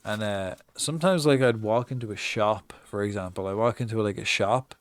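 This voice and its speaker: A man's voice: on the low side, a little fast, no room sound. An Irish man chatting casually on a live gaming stream, swearing often and telling stories with mock-acted reactions. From Ireland. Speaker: game streamer.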